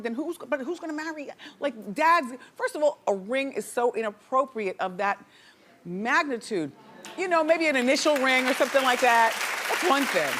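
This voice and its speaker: Woman host, gossip monologue, bantering and loud, raised voice, noisy studio audience. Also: on the high side. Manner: chatty, playful, loud exclamations. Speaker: talk show host. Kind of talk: gossip talk show monologue. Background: audience laughter and cheers.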